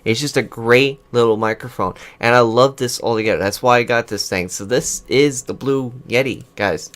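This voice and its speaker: A man's voice: mid-range voice, moderate pace, fairly bright tone. Rambling man reviewing his desk mic. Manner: rambling, restarts sentences, switches mic settings while talking. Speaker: gaming channel host. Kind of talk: casual microphone review. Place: home computer room with whirring fans. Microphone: USB desk microphone, switching pickup patterns.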